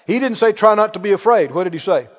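A man's voice: high-pitched, lively intonation, fast talker. A man preaching a sermon emphatically, leading his congregation in call-and-response. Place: church sanctuary. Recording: dull recording in a reverberant hall.

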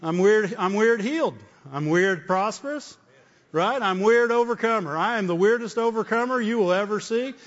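A man's voice: sits high, moderate pace. A man preaching a sermon with repeated phrases, often asking "Amen?". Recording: dull, echoey hall.

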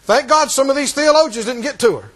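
A man preaching a sermon, laughing often and acting out the scripture scenes in lively voices. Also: very high voice, fast talker.

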